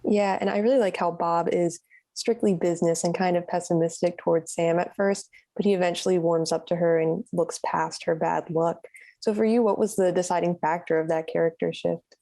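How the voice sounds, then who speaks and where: Casting: mellow, lowish female interviewer, friendly questions. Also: fairly even intonation, brisk. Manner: friendly, complimentary, a few fillers. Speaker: entertainment interviewer.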